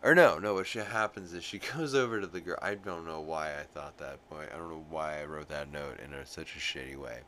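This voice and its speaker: A man with a very deep voice rambles through an episode recap, swearing freely and filling pauses with ums and you-knows. A light hiss sits under the recording. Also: pushed and bright. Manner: rambling, profane, full of fillers. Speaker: podcast host recapping an episode. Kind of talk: casual recap chat.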